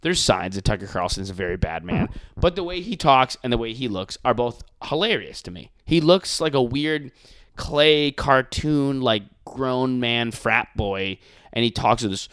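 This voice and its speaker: Animated, profane man ranting on a podcast. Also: medium pitch, normal speed, no room sound. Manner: animated, profane, mocking impressions. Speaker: podcast host. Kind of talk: casual podcast rant.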